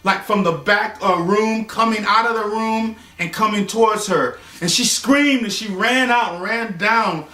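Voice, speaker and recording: A man's voice: high-pitched, a little slow, few pauses, bright, forceful tone, far from the mic. A man telling a casual bedtime story, rambling loosely with fillers and acting out the characters' lines. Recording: roomy echo, voice from away from the mic.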